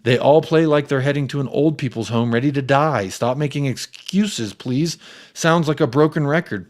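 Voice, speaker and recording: A young American man hosting a football fan live stream at a medium pitch. He reads viewers' comments aloud and shouts them out one by one, with an animated, chatty energy. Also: moderate pace. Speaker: fan channel host. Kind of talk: live-stream chat reading.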